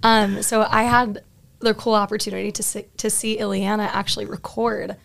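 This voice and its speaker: A woman hosting a podcast, asking friendly, conversational questions with a gravelly edge. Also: medium pitch, level tone, moderate pace. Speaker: podcast host. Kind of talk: interview questions.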